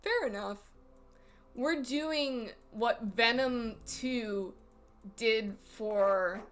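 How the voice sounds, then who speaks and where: A woman streamer giving casual, joking commentary while playing a game, crude and often cutting herself off. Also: mid-range voice. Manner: joking, crude, self-interrupting.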